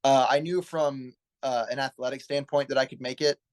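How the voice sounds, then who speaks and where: A man's voice: mid-range voice, fairly even intonation, normal speed. A man in his twenties, a pro wrestler guest in a casual interview, telling his story in an earnest, rambling way and often correcting himself. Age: 20s.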